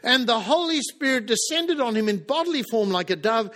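Animated high-voiced male preacher. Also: a little fast. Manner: impassioned, acts out quoted lines. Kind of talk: sermon.

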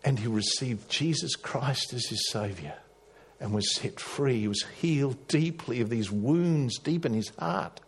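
A man preaching a sermon, telling a story with emphatic rises and hushed drops. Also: medium pitch, unhurried, breathy edge. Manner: storytelling, rising to emphatic peaks and dropping to hushed tones.

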